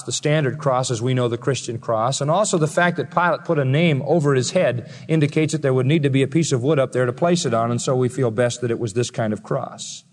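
A man preaching a sermon as pastor, emphatic, building to loud peaks and slowing down to stress key words. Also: medium pitch. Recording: long reverb of a large hall.

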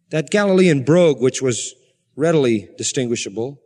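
A man's voice: a little high, expressive, normal speed, a little mellow, long reverb tail. A man preaching a sermon as pastor, earnest and rising to fervent emphasis.

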